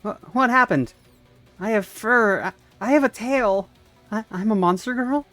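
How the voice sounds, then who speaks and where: A man's voice: high voice, measured pace, a bit bright, dry recording, soft background music, voice pushed up. Man voicing a shaky young woman soldier. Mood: panicked.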